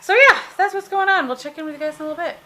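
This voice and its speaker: A woman's voice: very high voice, rapid-fire, sharp tone. A woman, rambling casually through a home vlog from her kitchen. She is chatty and throws in self-deprecating asides. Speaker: vlogger. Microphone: handheld compact camera. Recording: noisy home camera audio.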